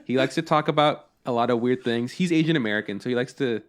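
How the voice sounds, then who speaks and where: Young male podcast co-host, animated storyteller, casual and profane. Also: mid-range voice, fast talker, clean tone. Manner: animated storytelling, acts out both sides of conversations; swears casually. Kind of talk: casual chat.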